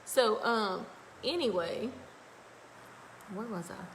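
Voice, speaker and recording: A woman's voice: medium pitch, lively intonation, slow, a little hiss or hum, low-quality recording. Chatty Louisiana woman telling a story. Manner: chatty, rambling, folksy. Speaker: makeup vlogger. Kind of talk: casual storytelling livestream.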